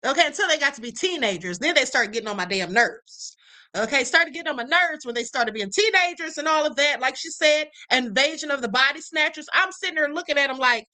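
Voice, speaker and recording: Woman, middle-aged, livestream host; high, ringing voice, blunt chatter. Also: animated, a little fast, sharp tone. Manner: blunt, swears freely, laughs often. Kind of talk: casual chat.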